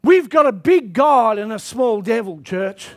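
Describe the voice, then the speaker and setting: Guy preaching hard, really high voice for a man, builds up to shouting at the church. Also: lively intonation, measured pace. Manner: impassioned preaching that swells into shouted exhortations. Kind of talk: sermon.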